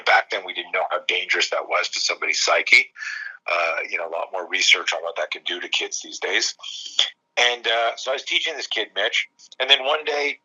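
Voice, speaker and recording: A middle-aged coach with a husky, lowish voice who tells stories with force and acts out every quoted line. The sound is dull and lo-fi. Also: male voice, sharp tone. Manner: fast, emphatic, acts out quoted dialogue. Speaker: self-defense coach. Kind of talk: animated storytelling in a podcast conversation.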